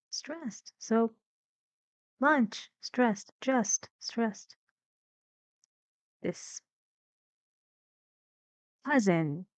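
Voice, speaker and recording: A woman teaching English pronunciation, saying each word slowly and clearly and repeating it for students to copy. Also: on the high side, no room sound. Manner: slow, deliberate, repeating each word for practice. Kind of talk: pronunciation lesson.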